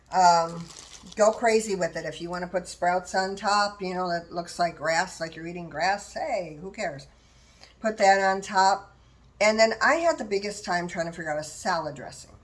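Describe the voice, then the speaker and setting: An older woman with a slightly low voice talks straight to her viewers. She chats in a loose, rambling way while she prepares food in her home kitchen, sharing plant-based diet tips. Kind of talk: casual how-to chat while preparing food.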